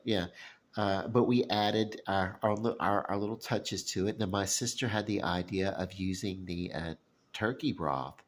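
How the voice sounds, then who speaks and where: A man with a Louisiana Southern accent chatting casually about holiday cooking, halting with many fillers and restarts. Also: low voice. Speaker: vlogger. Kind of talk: casual rambling chat.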